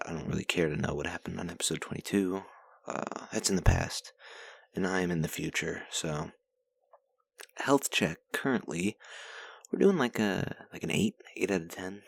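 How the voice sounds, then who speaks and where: A man's voice: sits low, creaky, no room sound. A man hosting his own podcast, rambling in a crude, joking way while recovering from a sinus infection. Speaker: podcast host. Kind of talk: casual solo podcast monologue.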